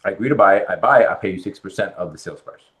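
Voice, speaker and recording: Talking at a racing pace in a low voice, this middle-aged Bronx man is a podcast guest and real estate lender. He tells his story animatedly, acting out the dialogue people said to him.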